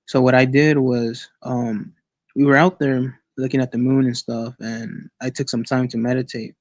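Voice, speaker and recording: On an online call, a male guest recounts something that happened to him, stumbling casually through restarts and repeated words. He has a mid-range voice and a flat delivery, with no room sound.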